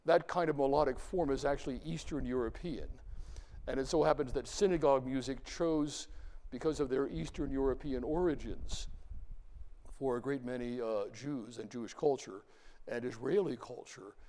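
A man lecturing his class in a lively way, talking to students and chanting examples aloud. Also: medium pitch, normal speed. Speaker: university lecturer. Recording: reverberant lecture hall.

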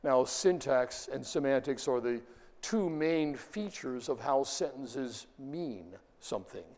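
A man lectures to a class, his voice sitting at an ordinary middle pitch. He explains step by step and stops now and then to ask his students questions. The sound carries a long reverb from the lecture hall. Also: animated, slow pace, a little mellow.

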